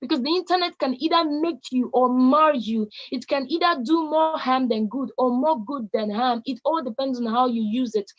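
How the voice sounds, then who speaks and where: Nigerian woman, high-pitched, emphatic and exhorting, motivational conference talk, muffled lo-fi sound. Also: normal speed, few pauses. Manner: emphatic, exhorting, repeats key words for stress. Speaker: conference speaker addressing young people.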